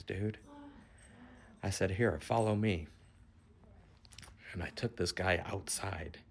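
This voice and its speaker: A deep-voiced, middle-aged man casually retells a strange dream over a little hiss or hum. He rambles and swears freely, growing more excited toward the end.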